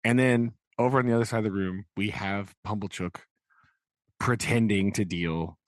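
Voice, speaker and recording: Podcast co-host, male, lowish voice, loose rambling delivery, dry close sound. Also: moderate pace, no room sound. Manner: rambling, full of "like" and "right?"; acts out quotes in changing voices. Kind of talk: casual book discussion.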